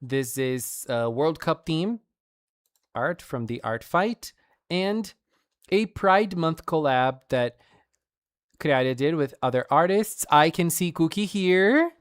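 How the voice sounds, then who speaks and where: Low-voiced woman streamer, slow and expressive. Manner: gushing, playful, with frequent laughs. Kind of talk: casual fan-art showcase stream.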